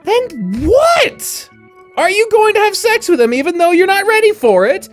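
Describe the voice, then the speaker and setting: Bossy, hot-tempered young woman from a visual novel, high and shouty, exasperated scolding, played by a woman. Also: sing-song, moderate pace, faint music behind. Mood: shocked.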